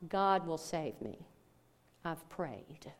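A woman's voice: sits low, animated, extremely slow, voice pushed down, full character voice. A woman voicing a desperate man trapped in a flood who keeps crying out in prayer. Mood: pleading. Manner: pleading, repeated cries.

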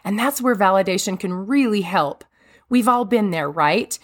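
A woman who is a mother, giving an earnest, emphatic devotional talk with a warm manner. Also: mid-range voice, animated, moderate pace. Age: adult mother. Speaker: speaker.

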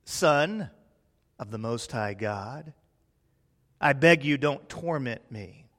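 A man's voice: medium pitch, animated, slow, a bit bright, in a large hall, voice pushed down. A man preaching who voices a tormented, demon-possessed man crying out and pleading. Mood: desperate pleading.

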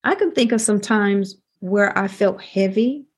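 A woman's voice: mid-range voice, unhurried. A woman co-hosting a podcast in casual chat, affirming with frequent "that's right" and "mm-hmm". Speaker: podcast co-host.

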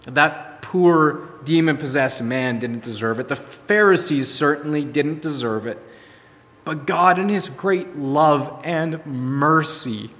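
A man preaching a sermon, telling a story and swinging from soft, hushed lines to emphatic ones. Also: mid-range voice, long reverb tail. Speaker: pastor.

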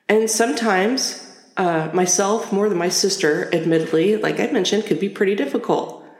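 A middle-aged woman hosting a personal storytelling podcast, talking in a conversational, reflective way that turns animated as she retells. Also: fairly low pitch. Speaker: podcast host. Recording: roomy echo.

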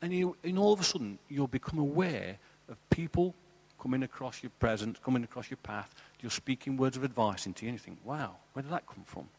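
Husky man in a church hall. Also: medium pitch, fairly quick, few pauses. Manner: earnest, storytelling, animated. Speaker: church panel guest. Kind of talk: live church testimony talk.

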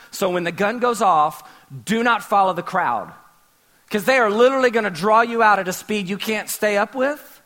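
A man's voice: sits high, a bit bright. A man preaching a sermon as a pastor, telling stories animatedly and acting out scenes with sound effects.

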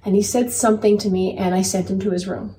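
With a mellow, mid-range voice and fairly even intonation, this woman in her thirties speaks at a quick pace. She co-hosts a faith-based parenting podcast, earnestly telling a personal story and repeating phrases for emphasis, picked up on a distant mic in a roomy space with faint background noise.

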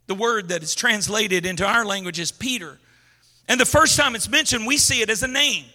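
A man preaches a sermon in a casual, animated way, wandering off on side paths and building up to shouts. His voice is very high and bright, with a sharp, tense edge. A long reverb rings around him in a large hall. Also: fairly quick.

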